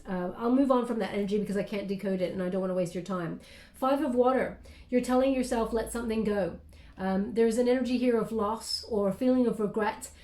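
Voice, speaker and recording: A woman giving a tarot reading, talking gently and hesitantly with many pauses and fillers. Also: mid-range voice, echoey room. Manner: gentle, hesitant, many ums, thanks her spirit guides. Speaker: tarot reader.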